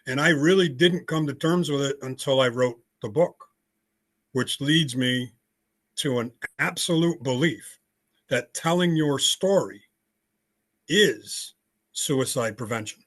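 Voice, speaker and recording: A slow-paced older American man with a mid-range, fairly bright voice shares his story in a podcast interview via video call. He speaks bluntly and fills it with frequent fillers.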